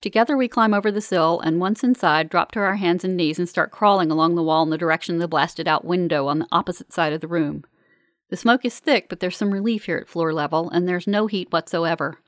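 A woman reading a first-person story aloud in a calm, measured, earnest way. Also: fairly low pitch, no echo, clean studio sound. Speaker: narrator. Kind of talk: first-person audiobook narration.

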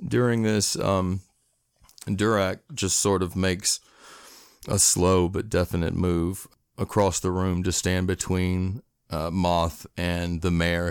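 A man's voice: low voice, steady tone, slow pace, clear, resonant tone, dry recording, studio quality. A man playing a tabletop game, describing his character's actions casually with many fillers. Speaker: player.

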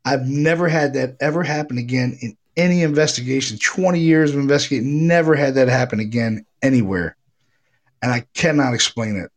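A man's voice: medium pitch, brisk. A middle-aged man, a paranormal investigator, telling a ghost story in a casual, rambling way, swearing freely and acting out what people said. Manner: rambling, profane, animated retelling with acted quotes.

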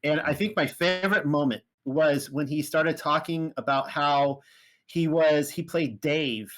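A man hosting an interview podcast, telling stories in a rambling, animated way with lots of fillers. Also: on the high side, a little slow. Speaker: podcast host. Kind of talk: casual conversational interview.

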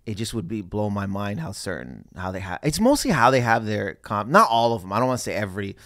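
A man's voice: lowish voice, very animated, fast talker, fairly bright tone, no echo, studio quality. A young man from Canada chatting casually as a comedian and podcast host, telling rambling stories with frequent restarts. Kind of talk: casual chat.

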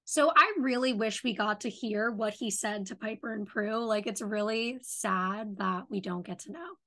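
A woman's voice: medium pitch, moderate pace, pushed and bright. A woman co-hosting a podcast, casually retelling an episode's plot and quoting the characters' lines along the way. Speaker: podcast co-host. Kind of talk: casual recap chat.

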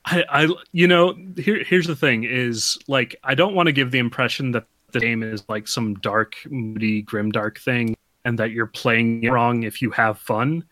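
A man's voice: medium pitch, fairly even intonation, normal speed, hardly any pauses, bright, forceful tone. A man who designs games, chatting as a podcast guest, rambling a little and laughing often. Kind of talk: casual chat.

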